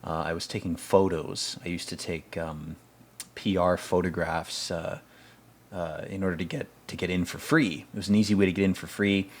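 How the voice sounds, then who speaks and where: A man giving casual, rambling film commentary, swearing often and growing excited about scenes he loves. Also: deep voice. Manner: rambling, profane, enthusiastic.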